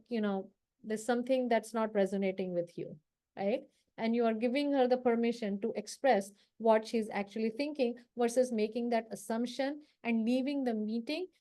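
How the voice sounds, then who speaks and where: A woman's voice: on the high side, a little mellow. A woman trainer giving a live confidence workshop, talking casually and checking in with her audience as she acts out short workplace lines. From South Asia. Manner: coaching, conversational, asks the audience for agreement.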